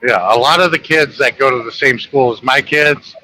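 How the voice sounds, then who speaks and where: A man's voice: medium pitch, a little fast, pushed and bright, no echo, poor audio. A man chatting casually on a live stream, laid-back and opinionated. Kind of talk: casual chat.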